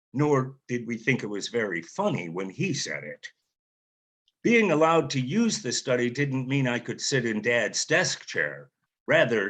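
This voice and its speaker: A man, an author, reading his own memoir aloud in a measured, reflective way. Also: lowish voice, a bit bright.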